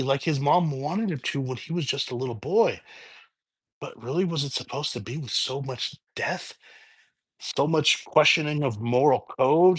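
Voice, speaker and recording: Man casually retelling a movie's plot. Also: fairly high pitch. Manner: rambling plot retelling with restarts, unscripted. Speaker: movie reviewer. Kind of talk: casual spoken film review.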